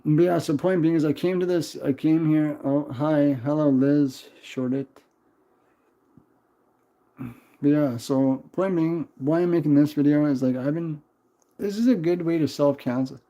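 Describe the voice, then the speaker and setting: A man's voice: on the high side, a little slow, dark tone. A man in his twenties chatting on a casual livestream, rambling, swearing and answering chat. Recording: dull lo-fi stream audio.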